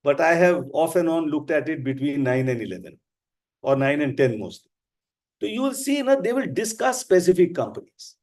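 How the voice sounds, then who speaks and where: A man with an Indian English accent teaching a live class, explaining slowly and with emphasis. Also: a little high, big pitch swings, darkish tone. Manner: slow, deliberate, emphatic explaining. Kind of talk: live online class lecture.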